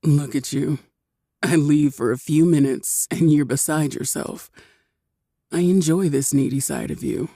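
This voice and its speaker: A woman voicing a somber male dragon lover, speaking low, slow and quietly with calm, smug teasing. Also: gravelly, no echo, clean studio sound.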